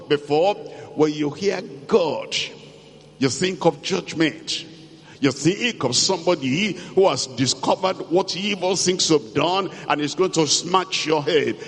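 Male preacher, slightly high voice, slow deliberate emphatic delivery, hall reverb. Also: fairly bright tone, breathy edge. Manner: slow, emphatic, repeats key phrases. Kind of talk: sermon.

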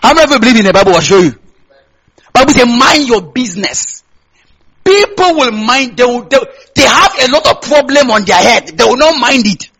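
With lively intonation and a fairly bright, high, husky voice, a Nigerian pastor preaches briskly in an unmistakable Nigerian accent. He speaks straight to his congregation, constantly asking questions to draw answers back, on a low-quality recording.

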